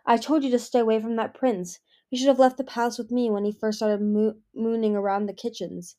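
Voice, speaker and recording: A woman voicing a cold, sharp-tongued female dragon who snaps at her younger sister. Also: on the high side, fairly even intonation, a little fast, close to an everyday voice. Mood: snapping. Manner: snappish, acerbic.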